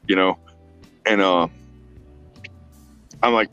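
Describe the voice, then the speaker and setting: A man's voice: on the low side, fairly even intonation, a little slow, long pauses, a bit bright, clear, resonant tone, faint music behind. A man in casual chat on an online call, telling a story and acting out the other people in it. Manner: storytelling, quotes people in dialogue. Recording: muffled lo-fi call audio.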